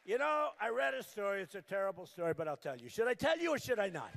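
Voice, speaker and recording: An older man giving a campaign rally speech at a podium microphone, repetitive and emphatic, shouting at times. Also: high voice, sing-song, fast, gravelly, some chatter behind. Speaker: political candidate. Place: large rally venue.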